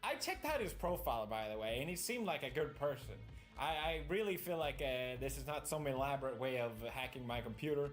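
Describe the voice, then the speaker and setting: A man vlogging about building a computer rig, animated and exasperated, breaking into shouted rants. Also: mid-range voice, fairly quick, faint music behind. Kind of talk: energetic comedic vlog rant.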